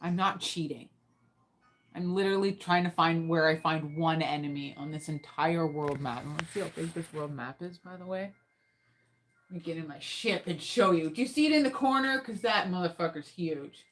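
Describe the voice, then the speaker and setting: A woman streamer in casual chat while she plays a game. She rambles, swears freely and mutters to herself. Her voice sits a little low for a woman. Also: normal speed, faint music behind. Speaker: gaming streamer.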